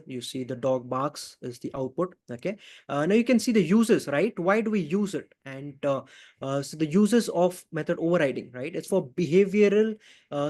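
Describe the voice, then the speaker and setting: A man's voice: fairly high pitch, darkish tone. A man teaching a live online programming class, answering his own questions and tagging nearly every line with "right?" and "okay?". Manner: repeats key phrases, frequent fillers. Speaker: programming instructor. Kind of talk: live online coding lesson.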